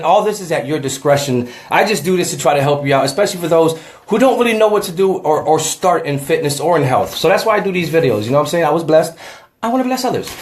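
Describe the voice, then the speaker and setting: In a casual home workout vlog, a male fitness vlogger talks to the camera and to a friend. His voice sits on the high side and sounds reverberant, and he comes across chatty and out of breath.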